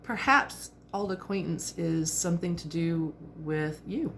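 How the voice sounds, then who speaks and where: A woman's voice: on the low side, unhurried, fairly bright tone, slight background noise. A woman in her fifties giving a chatty, reflective vlog monologue, with fillers and small laughs. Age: 50s. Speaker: vlogger.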